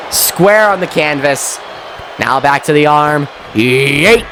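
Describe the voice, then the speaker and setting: Young guy doing hype wrestling commentary, kinda high voice, noisy home mic. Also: takes it slowly. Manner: excitable, swears mildly, laughs at own slips. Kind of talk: solo play-by-play commentary of a video game match.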